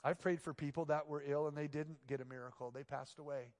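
A man preaching a sermon from the pulpit, his voice sitting a little high for a man. He shifts from quiet, close passages into loud, emphatic outbursts. The sound carries a long reverb tail from a large church sanctuary. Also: steady tone, a little fast. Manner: swings between hushed, intimate passages and loud, emphatic exclamations. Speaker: pastor.

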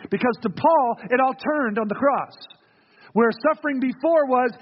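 A man's voice: extremely high pitch, lively intonation, normal speed, slightly rough, lo-fi sound. A man preaching a sermon to his church, earnest and repeating key phrases for weight. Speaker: pastor.

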